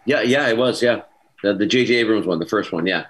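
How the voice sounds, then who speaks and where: Low-pitched guy on a zoom call, rambling story, lots of restarts, animated. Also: brisk, low-quality recording. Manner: lively storyteller, many restarts and asides. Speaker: panel guest actor. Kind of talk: casual anecdote telling. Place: home, on a video call. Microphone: video call mic.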